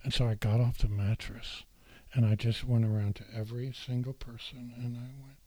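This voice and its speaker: A man's voice: medium pitch, normal speed, dry recording, low-quality recording. A man telling a candid, emotional personal story, acting out the people he quotes. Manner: animated, acts out the people he quotes.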